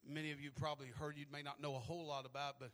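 High, bright-voiced man preaching a sermon. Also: flat delivery, very fast. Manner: builds from low storytelling to shouted preaching; repeats words when starting phrases.

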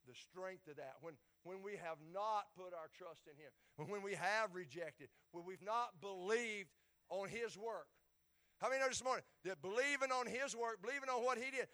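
A man preaching a sermon, stammering and repeating words as he builds toward loud, shouted peaks. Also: high voice. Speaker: pastor.

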